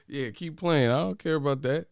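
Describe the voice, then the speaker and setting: A man's voice: a little high, vocal fry, clear, resonant tone, dry recording, clean studio sound. A man hosting a casual boxing commentary channel, brash, profane and mocking as he trash-talks to his viewers.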